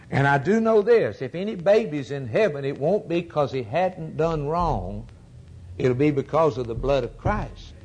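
Husky man preaching an emphatic sermon. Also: medium pitch. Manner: fervent, emphatic preaching with repetition.

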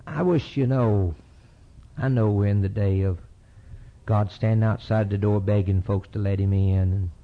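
A man's voice: fairly even intonation, moderate pace. A man, preaching an earnest sermon that rises to impassioned peaks and ends in prayer. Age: 50s. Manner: earnest, rising to an impassioned high pitch at climaxes. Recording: dull lo-fi sermon recording.

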